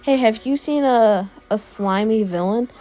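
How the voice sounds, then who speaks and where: Eager adult male hero, calling out, woman voicing slowly. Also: a little high, dark tone, lightly acted. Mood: searching.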